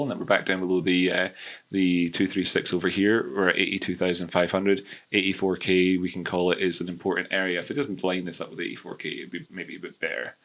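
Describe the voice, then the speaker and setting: Deep-voiced rambling man on charts. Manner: rambling, self-amused, many restarts. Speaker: crypto market analyst. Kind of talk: casual chart commentary.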